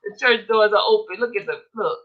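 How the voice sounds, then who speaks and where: A woman's voice: medium pitch, a little fast, phone-quality sound. A woman hosting a casual livestream, teasing her chat and laughing through almost everything she says. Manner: giggly, keeps laughing while talking to the chat; chatty and teasing. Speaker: livestream host.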